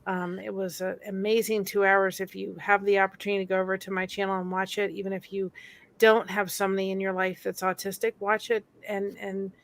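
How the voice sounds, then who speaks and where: A woman's voice: medium pitch, flat delivery, fairly quick. Earnest woman telling a story. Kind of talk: casual chat.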